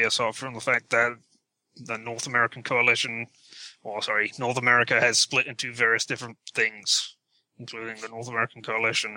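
A male game master narrates a tabletop role-playing game in a medium-pitched, sharp-toned voice. He's chatty and quick to laugh, often correcting himself mid-sentence.

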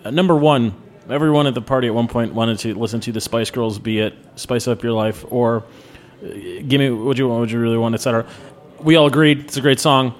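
A man's voice: medium pitch, steady tone, fairly quick. A man in his thirties hosting a podcast in casual chat, blunt and opinionated, given to jokey rants. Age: 30s. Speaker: podcast host.

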